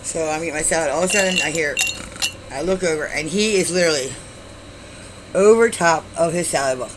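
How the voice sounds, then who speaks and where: A woman's voice: deep voice, brisk, background noise. A woman telling a story about a chaotic date in a casual vlog, swearing freely and acting out the people she quotes. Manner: animated, swears, acts out quoted voices.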